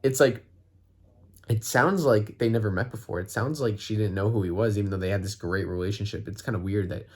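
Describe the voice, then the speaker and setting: A man reviewing a TV episode in a casual vlog, excitable and rambling, with lots of "like" fillers. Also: on the low side, a little fast, husky. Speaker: fan reviewer.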